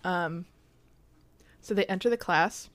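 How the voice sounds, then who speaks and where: Young woman, podcast co-host, chatty, filler words, lowish pitch. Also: slow. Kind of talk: casual chat recapping a sitcom episode.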